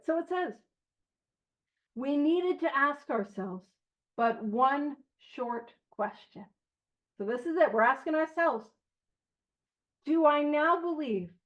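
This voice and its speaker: A woman leading an online recovery study group, reading passages aloud and chatting through them with animated, jokey digressions. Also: high-pitched. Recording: slightly muffled online stream audio.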